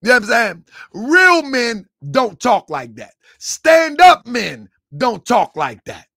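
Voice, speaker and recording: A man's voice: very high voice, very animated, slow pace, creaky, pushed and bright, no echo, clean studio sound. A man giving a mocking reaction commentary, laughing often and lecturing in a taunting, preachy way. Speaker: online commentator.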